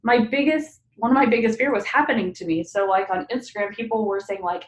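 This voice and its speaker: A woman's voice: medium pitch, fairly quick, few pauses, dull audio. Woman guest, earnest and emphatic, confessional, roomy echo. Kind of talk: casual chat. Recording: echoey room.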